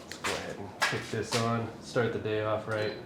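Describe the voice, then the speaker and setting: A man's voice: on the low side, level tone, normal speed, heavy background noise. A man chatting to the camera while working on a truck in his garage, casual and joking. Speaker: vlogger wrenching on a truck. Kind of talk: casual workshop vlog. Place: home garage or shop.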